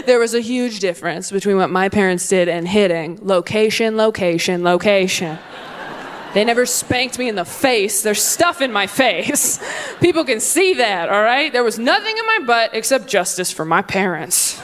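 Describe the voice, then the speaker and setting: A woman's voice: medium pitch, expressive, normal speed, slight background noise. A young woman doing a stand-up comedy set on stage. She delivers punchy, playful lines and slips into mocking voices for the people in her stories. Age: young adult. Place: comedy stage before a live audience.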